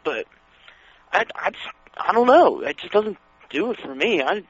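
A man in casual chat, excitedly telling wrestling stories and acting out what others said. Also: high-pitched, normal speed, breathy edge, no echo. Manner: excitable, acts out quoted voices, laughs while telling. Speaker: wrestling fan guest. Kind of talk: casual chat, animated storytelling. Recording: dull lo-fi radio sound.

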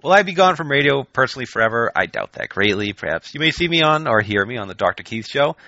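A man's voice: medium pitch, very animated, fast, creaky, hardly any pauses, sharp tone, no echo, lo-fi sound. A man hosting a radio talk show, chatting casually with dry, wry quips.

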